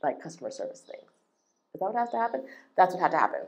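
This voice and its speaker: Low-voiced woman ranting indignantly. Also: fast. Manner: animated, indignant, emphatic repetition. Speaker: travel business owner. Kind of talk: ranting vlog.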